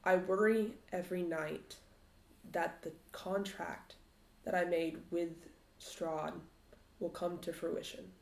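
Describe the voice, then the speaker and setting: A woman's voice: fairly even intonation, slow, creaky. Anguished young mother, fraught and desperate, roomy sound; a woman plays her. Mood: worried. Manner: shrieking when frantic, low and heavy when writing. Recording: roomy echo.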